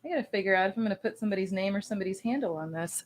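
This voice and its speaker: A voice actress signs cards on a livestream, chatting and rambling playfully as she writes. Her mid-range voice is fairly bright and expressive, and she talks very fast in an upbeat, casual way.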